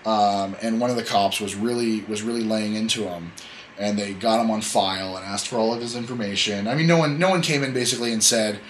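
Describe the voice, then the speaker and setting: A man's voice: lowish voice, brisk, slight background noise, low-quality recording. A man hosting a casual podcast chat, telling a story in a rambling, joking way and correcting himself as he goes. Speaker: podcast host.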